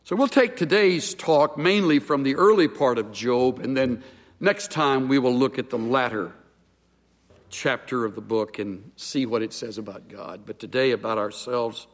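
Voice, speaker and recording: A man preaching a sermon with a measured, emphatic pulpit delivery. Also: medium pitch, big-room sound.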